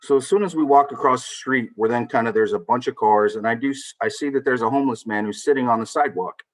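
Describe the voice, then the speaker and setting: A man hosting a laid-back chat among friends, telling a story with plenty of swearing and rising heat. His voice sits in a middle pitch. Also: fast, poor audio. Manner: animated storyteller, swears freely. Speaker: podcast host.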